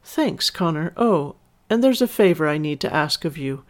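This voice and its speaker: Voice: mid-range voice, animated, moderate pace, close to an everyday voice. A storyteller voicing a vengeful young woman with a mocking, sing-song manner. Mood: sweetly polite.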